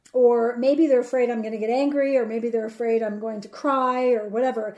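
A woman hosting a solo podcast, talking earnestly with many pauses, fillers and restarts. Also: fairly high pitch, fairly even intonation, darkish tone. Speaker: podcast host. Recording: roomy echoey sound.

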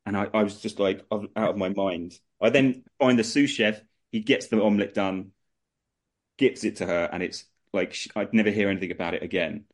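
A young man with a fairly low voice tells work stories as a guest on a relaxed chat show. He talks in lively bursts and laughs as he goes. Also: a little fast. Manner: animated anecdotes, laughing through the story. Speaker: guest, music promoter. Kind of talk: casual storytelling chat.

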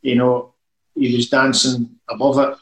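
Man, former football boss, anecdotal talker, average pitch, roomy sound. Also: little pitch movement, a little slow, fairly bright tone. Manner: anecdotal, rambling storyteller. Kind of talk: casual interview chat.

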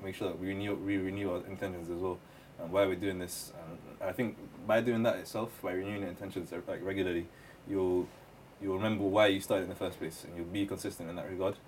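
A man's voice: deep voice, steady tone, fast talker, few pauses, a little mellow. A man hosting a casual book podcast, talking loosely with restarts and fillers. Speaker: podcast host. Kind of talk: casual chat. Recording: distant mic with faint noise.

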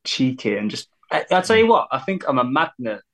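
A man, a musician guest telling lively anecdotes and laughing as he acts out quotes. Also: medium pitch, brisk. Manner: animated, laughing storyteller who acts out quotes.

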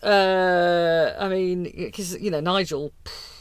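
A woman's voice: lowish voice, fairly even intonation, slow pace, clear, resonant tone, no room sound. A woman co-hosting a comedy podcast, narrating sketches and chatting with dry, wry asides. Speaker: podcast co-host. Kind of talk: casual chat and comic narration.

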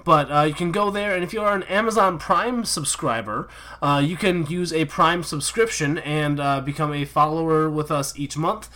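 A man hosts a casual podcast outro, his voice bright and a touch high. He rambles loosely with plenty of ums and uhs. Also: moderate pace. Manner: rambling, many fillers. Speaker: podcast host.

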